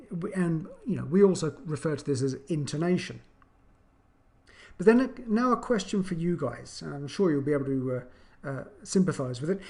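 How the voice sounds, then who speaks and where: A man teaching an online English grammar lesson, chatty, with many fillers and restarts, acting out intonation as he explains. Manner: acts out intonation with animated pitch.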